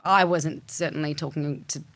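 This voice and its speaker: A woman's voice: sits low, fairly even intonation, normal speed, a bit bright. A woman with an Australian accent, a guest in an interview, talking candidly and thoughtfully in a reflective, flowing way with many fillers.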